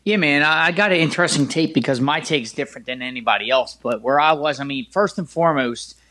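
Man, sports talk co-host, excitable, rambling, slightly high. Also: fast talker. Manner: excitable storyteller, many restarts and "like"s.

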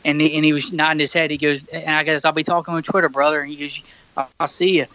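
A man's voice: a little high, flat delivery, fast, a bit bright, low-quality recording. A man, co-hosting a podcast and telling a rambling story full of fillers, recorded over a remote call. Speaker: podcast co-host. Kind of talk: casual chat. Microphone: remote call mic.

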